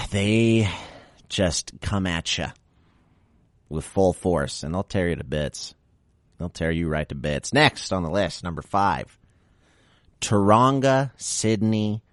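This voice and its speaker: A man's voice: low-pitched, dry recording, studio quality. A male podcast host reading out a list of facts and breaking off into wry, sarcastic asides.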